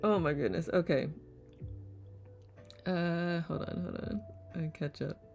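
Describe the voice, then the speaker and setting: Woman host, low gravelly voice, playful live chat, faint music behind. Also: slow pace, a little mellow. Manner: playful, laughs often, repeats words aloud. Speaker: host of online community circle. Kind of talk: casual live-stream chat reading comments.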